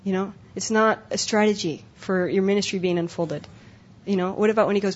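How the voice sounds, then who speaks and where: A woman's voice: mid-range voice, fairly quick. A young adult woman speaking at a conference breakout session, earnest and emotional, often repeating herself. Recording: dull lo-fi live recording.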